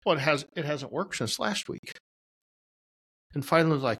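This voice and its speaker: A man's voice: fairly high pitch, lively intonation, moderate pace, fairly bright tone, husky. A man casually telling rambling, profane stories about his work and poking fun at himself as a regular on a talk show. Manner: profane, rambling, self-deprecating. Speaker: podcast regular. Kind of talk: casual storytelling.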